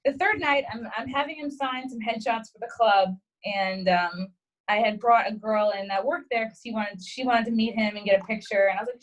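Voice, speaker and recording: A young adult woman and guest comedian, telling a story in casual podcast chat, animated and swearing freely as she acts out quotes. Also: fairly high pitch, brisk, poor audio.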